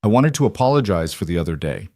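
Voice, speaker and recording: A soft-spoken cowboy talks politely and deliberately in a storybook reading, as a man reads him. The low voice is dry and close-miked. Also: sing-song, no echo. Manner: courteous, measured. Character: polite, reserved young cowboy.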